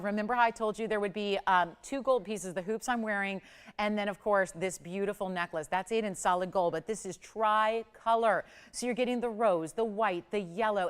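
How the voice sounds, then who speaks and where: A woman hosting a live home shopping show, giving a chatty, upbeat sales pitch for jewelry from a TV studio. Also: smooth.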